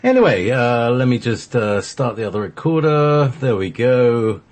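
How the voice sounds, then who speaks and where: A man's voice: medium pitch, big pitch swings, normal speed, a little mellow. A man from Scotland hosting a spiritual internet radio show, chatting casually and rambling with many fillers and restarts. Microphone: online call.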